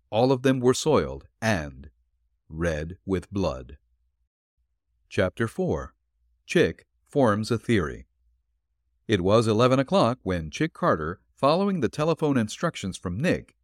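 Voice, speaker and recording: A man reading a detective story aloud in a steady, measured storytelling manner. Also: lowish voice, no room sound, clean studio sound. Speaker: audiobook narrator. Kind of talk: scripted narration of a detective story.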